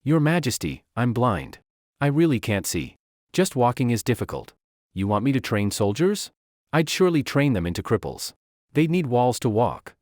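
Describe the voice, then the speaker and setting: A man's voice: medium pitch, very animated, moderate pace, a little mellow, no echo, studio quality, natural voice. A man voicing a sly young lord who pretends to be blind, pleading in a wheedling, mock-pitiful way.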